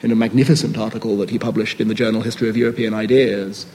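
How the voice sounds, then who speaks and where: A man speaks in an academic panel discussion with a mellow, warm tone, pausing often on fillers and restarting his sentences as he thinks aloud. His voice rings with a long reverb, as in a lecture hall, over a faint hiss. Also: fairly low pitch, level tone. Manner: hesitant, many fillers and restarts, thoughtful. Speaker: panelist answering a question.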